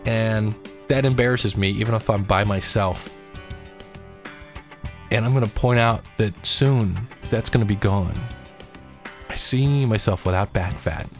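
A man's voice: fairly low pitch, unhurried, pauses often, faint music behind. A middle-aged man chatting casually in a personal vlog, rambling with restarts and cheering himself and his viewers on to keep losing weight. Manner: chatty, self-deprecating, pep-talk tone. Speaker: weight-loss vlogger.

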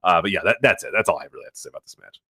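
A man's voice: low-pitched, expressive, very fast, pushed and bright, husky, no echo. A man co-hosting a wrestling podcast, riffing with frequent laughter in casual chat. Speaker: podcast co-host.

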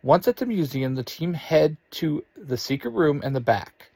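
A man narrating an adventure story in an expressive, unhurried way. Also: on the high side, gravelly, no echo.

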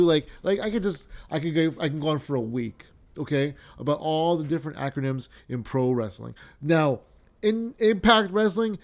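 A man's voice: fairly high pitch, expressive, fairly quick. A young man hosting a wrestling podcast, ranting casually with lots of swearing, fillers and restarts.

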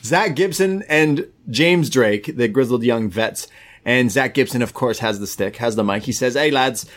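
A man co-hosting a podcast, recapping a wrestling show move by move in casual chat with quick asides. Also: mid-range voice. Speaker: podcast co-host.

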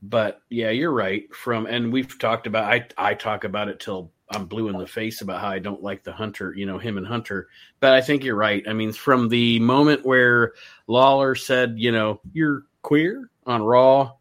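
A man's voice: fairly low pitch, steady tone, normal speed, a bit bright. A man on a podcast as guest, chatting casually in rambling, self-correcting asides. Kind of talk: casual chat.

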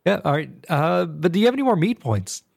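A man hosts a casual podcast with a slightly high voice that swings up and down with lively pitch. He chips in short reactions and moves the show to its next segment. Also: gravelly. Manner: quick reactions, keeps the show moving. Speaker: podcast host. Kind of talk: casual chat.

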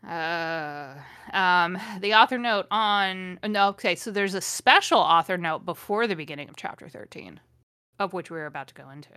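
A woman's voice: lowish voice, animated, moderate pace, sharp tone, clean tone, no echo, clean studio sound. A woman host reading a fan story aloud for comedy, breaking off with sarcastic, exasperated asides. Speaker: host, dramatic reader.

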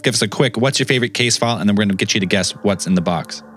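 Male call-in host, relaxed, cursing freely, low voice, faint hiss behind. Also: racing. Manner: laid-back, swears casually. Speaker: podcast host taking calls. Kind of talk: casual call-in chat.

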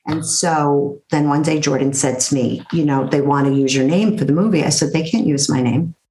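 A middle-aged woman with a slightly low voice tells her story to an interviewer in an animated, blunt way. Her room adds a noticeable echo. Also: normal speed. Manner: animated, blunt storyteller who acts out quotes. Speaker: interview guest, therapist.

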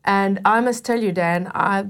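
Animated woman telling a faith story. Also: medium pitch, unhurried, smooth. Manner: animated, self-deprecating storytelling with frequent laughter. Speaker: Christian talk-show participant. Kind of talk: casual faith conversation, personal testimony.

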